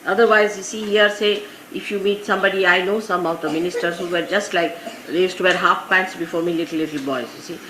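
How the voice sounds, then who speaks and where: A woman from India, a spiritual teacher with an Indian English accent, gives an informal talk to her followers, full of anecdotes and frequent "you see" asides. Her voice is on the low side and a bit bright, with fairly even intonation and a fast delivery. It comes from an echoey 1980s archive recording with faint hiss.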